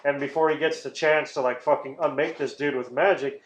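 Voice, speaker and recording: Rambling, foul-mouthed podcast co-host. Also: male voice, on the high side, steady tone, fairly quick, background noise. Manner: rambling, profane, laughs often. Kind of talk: casual chat. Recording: roomy, dull lo-fi sound.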